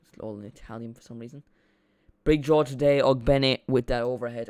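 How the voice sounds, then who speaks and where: A young Irish man chatting and rambling excitably through a live football watch-along stream. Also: mid-range voice, a little fast.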